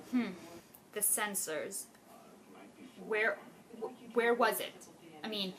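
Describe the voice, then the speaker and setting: A young woman with a slightly high voice talks through a casual video review. She sounds animated and exasperated, and her frustration keeps spilling into sharp, rising outbursts. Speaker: book fan reviewing a film adaptation.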